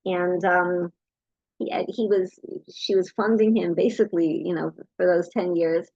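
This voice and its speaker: A middle-aged woman tells anecdotes to an audience in a lively way, acting out the voices of the people she quotes. Her voice sits on the low side and her delivery is unhurried. The recording is dry and lo-fi.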